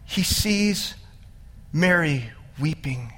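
A man preaching a sermon, telling the story with animation and getting louder and higher as he builds, then dropping quiet for sad parts. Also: lively intonation, measured pace. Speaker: pastor.

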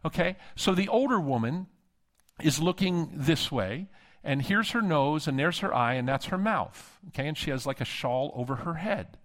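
A man's voice: a little high, animated, moderate pace, a bit bright. A middle-aged man, a seminary dean, preaching a sermon and telling stories with humor, acting out the voices of people he quotes. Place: conference hall.

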